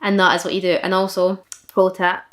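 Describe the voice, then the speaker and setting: A woman's voice: medium pitch, completely flat delivery, fairly quick. A young woman from Fife with a thick Fife Scottish accent, chatting casually while answering viewer questions in a vlog. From Fife, Scotland. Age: young adult. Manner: chatty, self-deprecating, many likes and laughs.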